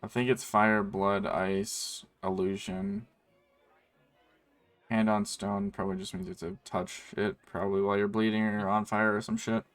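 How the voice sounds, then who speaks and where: A man playing a tabletop game, joking around with loud bursts and casual swearing. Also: fairly low pitch, moderate pace, creaky, dry recording, faint music behind. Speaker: player.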